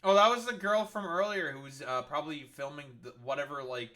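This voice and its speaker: Brisk and a little high-pitched, a man's pushed, bright voice rips into a news video as he streams. He curses heavily and scoffs sarcastically, stumbling through fillers and frequent restarts.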